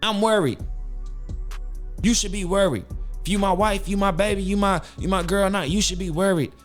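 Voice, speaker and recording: A man's voice: sits high, brisk, soft background music. A man hosting a podcast, giving a hyped-up, preachy motivational talk full of cussing. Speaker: podcast host.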